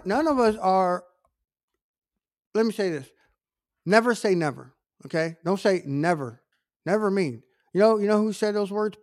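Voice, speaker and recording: A man preaches in a high-pitched, earnest voice, mixing scripture with conversational asides and repeated warnings. He stresses key words and often stops to restate himself. The sound is dry and close, with no room echo. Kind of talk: sermon.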